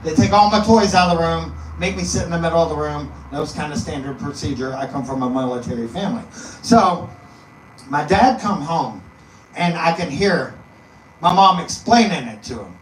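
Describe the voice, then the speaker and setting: High-voiced man rambling through a comic story. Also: expressive, normal speed. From East Texas. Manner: loose and rambling, laughs through punchlines. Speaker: comedian guest. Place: live comedy venue. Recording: echoey room, mic at a distance, faint noise.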